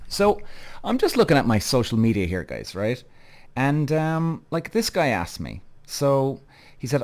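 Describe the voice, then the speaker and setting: Lively, rambling Irish podcast host. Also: male voice, medium pitch. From Ireland. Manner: rambling, self-deprecating, swears freely. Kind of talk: casual solo podcast monologue.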